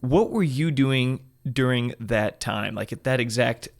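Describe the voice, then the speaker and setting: A man's voice: medium pitch, measured pace, creaky. Man, podcast host, casual interviewer, mid-range voice.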